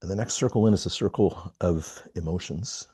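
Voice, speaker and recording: A middle-aged man on a video call, telling a personal story in a halting, reflective way with many pauses. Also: low voice, warm tone, husky, no echo, clean studio sound. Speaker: call participant. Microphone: video call mic.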